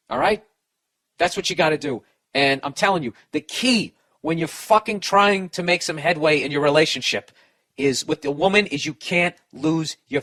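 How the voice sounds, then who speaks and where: Slightly high-voiced man hosting a comedy podcast, swearing and rambling as he gives advice. His delivery is heated and blunt. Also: a bit bright. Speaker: podcast host giving advice.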